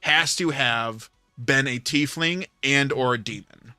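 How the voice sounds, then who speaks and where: A man's voice: mid-range voice, slow pace, sharp tone, clean tone, no room sound, faint music behind. A man hosting a livestream, telling a rambling story in casual chat with plenty of filler words. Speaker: livestream host.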